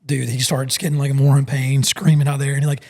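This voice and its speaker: A man co-hosting a podcast, telling a story in casual, excitable chat, calling people bro and dude. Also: medium pitch, brisk.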